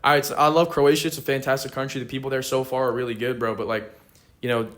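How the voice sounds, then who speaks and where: A man's voice: medium pitch, flat delivery, fast, a bit bright. An eighteen-year-old man, a podcast guest, chatting casually in slang with lots of swearing and fillers. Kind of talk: casual chat.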